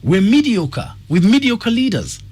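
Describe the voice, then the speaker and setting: Husky-voiced Kenyan radio host. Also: male voice, high voice, huge pitch swings, a little slow, darkish tone. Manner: reads listener messages aloud, brief replies. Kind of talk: radio call-in show.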